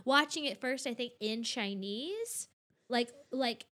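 A woman telling lively parenting stories in casual chat, acting out her child's lines. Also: on the high side, slow pace. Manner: animated storyteller who acts out her daughter's lines. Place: home in a big city.

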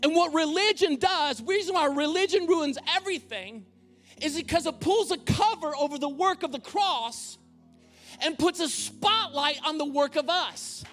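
Male pastor, high voice, joking conversational sermon, faint music behind. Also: lively intonation, normal speed, fairly bright tone. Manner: conversational preaching with humorous asides. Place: church auditorium.

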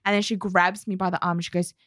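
A woman telling a funny customer story in casual podcast chat, animated and laughing as she goes. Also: fairly low pitch, fast, dry recording, clean studio sound. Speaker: podcast co-host.

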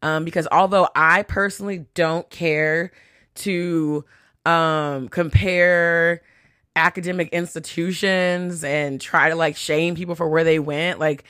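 A woman's voice: fairly low pitch, fairly even intonation, takes it slowly, fairly bright tone, smooth, no echo, studio quality. A woman hosting a podcast, telling a story in a chatty, profane way, full of fillers and acted-out quotes. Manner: chatty, profane, heavy use of "like", acts out quotes. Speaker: podcast host. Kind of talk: casual storytelling. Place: New York City.

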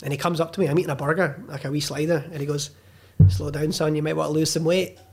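A man's voice: a little high, level tone, fast talker, gravelly, background noise. A young Scottish man, a filmmaker on a podcast, telling a story animatedly and swearing freely as he acts out the quotes. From Scotland. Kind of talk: casual storytelling chat.

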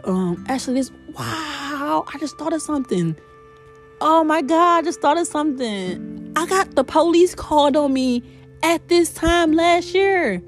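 Expressive woman podcaster, faith testimony. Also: mid-range voice. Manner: emotional, expressive, faith-filled storytelling. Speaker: podcast host. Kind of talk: spiritual testimony.

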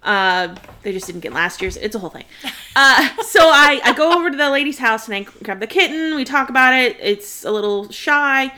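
A woman's voice: sits high, expressive, fairly quick, sharp tone. A young woman co-hosting a book podcast, telling a long story in casual chat between friends, laughing often and acting out voices, sharing one mic across a table. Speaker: podcast co-host. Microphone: one mic shared across a table.

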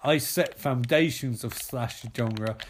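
A man acts out a masked horror killer who finally speaks, slow and grave. Each word is drawn out and declaimed. Faint keyboard clicks sound behind him. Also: medium pitch, a little hiss or hum, close to an everyday voice. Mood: solemn. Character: slow, solemn masked slasher killer demanding respect, adult man.

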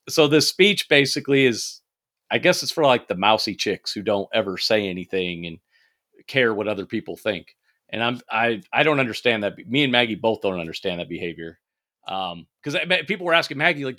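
Talking movies on the podcast he co-hosts, a man speaks at normal speed in a mid-range voice with a sharp tone. The chat is casual and animated, full of swearing, laughter, fillers and restarts.

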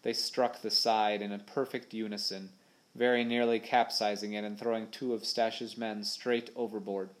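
A man's voice: on the low side, little pitch movement, normal speed. A man reading an adventure audiobook aloud in a dramatic, vivid storytelling manner. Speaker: audiobook narrator. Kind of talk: scripted narration.

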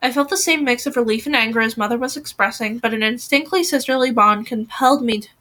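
A woman's voice: on the high side, fast talker. A woman reading a novel aloud, voicing the dialogue with feeling and now and then restarting a phrase. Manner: reads with lively acted dialogue and occasional restarts. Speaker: reader.

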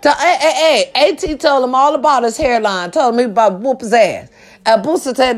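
A woman delivering a comedic rant to her viewers, loud and profane, hollering with big swings in her voice. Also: sits high, fairly quick.

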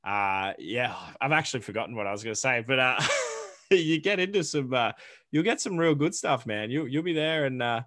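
A man's voice: medium pitch, a bit bright, no echo, studio quality. An Australian man hosting a casual podcast interview, joking around and rambling through local slang. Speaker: podcast host.

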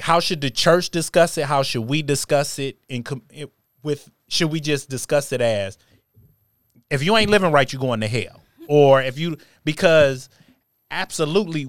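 A man's voice: mid-range voice, no echo. A male podcast host leads a faith conversation with easy questions and affirming asides. His mid-range voice comes through close and dry. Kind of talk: casual faith discussion.

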